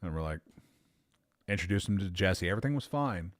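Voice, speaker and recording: A man's voice: sits low, animated, a little fast, no room sound, clean studio sound. A man telling a long personal story in a casual, rambling way, correcting himself as he goes, swearing now and then and laughing at his own luck. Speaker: podcast host.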